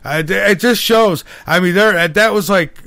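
Excitable male talk radio host. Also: high voice, a little slow, vocal fry, dry recording. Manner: excitable storyteller, full of restarts. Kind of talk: casual talk radio chat.

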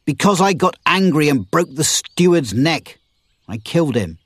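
A man's voice: on the high side, big pitch swings, moderate pace, husky, no room sound, pitched above the performer's own voice. A man reading as a blunt young swordsman.

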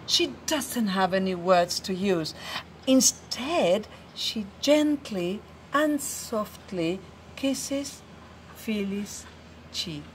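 A woman reading a picture book aloud to children, slow and expressive, dropping to a hushed, tender tone in the quiet passages. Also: mid-range voice, a little hiss or hum. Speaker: storyteller. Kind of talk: children's story read-aloud.

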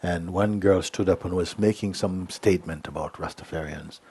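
Deep husky guy giving a spiritual talk, slow storytelling, lots of uh's. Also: warm tone. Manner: unhurried storytelling with many hesitations. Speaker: spiritual teacher.

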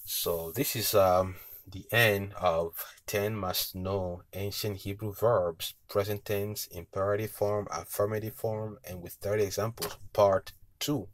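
A man teaching a language lesson, patiently repeating each word slowly with tone cues, pausing often with uh and okay. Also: fairly low pitch, steady tone, no echo. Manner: frequent hesitations with uh and okay. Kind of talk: slow spoken language lesson.

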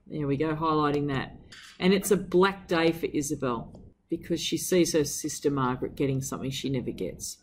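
A woman's voice: normal speed, a little hiss or hum. A woman teacher reading from a novel and analysing it with enthusiasm, putting questions to her students. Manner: enthusiastic, with wide swings of pitch and emphasis. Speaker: English teacher. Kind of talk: reading aloud and literary analysis.

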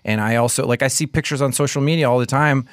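A man's voice: medium pitch, fast, no echo. A man guesting on a podcast in a studio, telling long rambling stories in casual chat. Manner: rambling anecdotes with restarts and profanity. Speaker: comedian guest. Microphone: studio mic.

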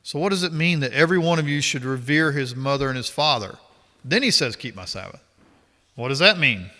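A man in his fifties preaching a sermon, reading scripture aloud and then commenting in a lower, confessional tone. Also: lively intonation, brisk, sharp tone. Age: 50s. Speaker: pastor. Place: church sanctuary. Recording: long hall reverb.

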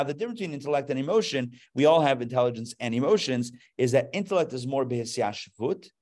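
A man, a rabbi, giving a live class to an audience, explaining terms step by step and growing animated as he goes. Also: fairly high pitch.

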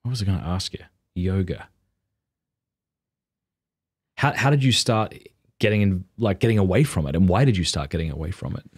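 A man with a low voice hosting a casual podcast interview. He asks questions with loose, curious energy. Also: animated, fast talker, breathy edge. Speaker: podcast host.

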